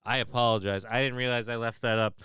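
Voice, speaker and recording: A man's voice: medium pitch, fairly even intonation, fast talker, bright, forceful tone, clean tone, no echo, clean studio sound. A man hosting a livestream, talking casually in a rambling, profane, self-mocking way. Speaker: livestream host.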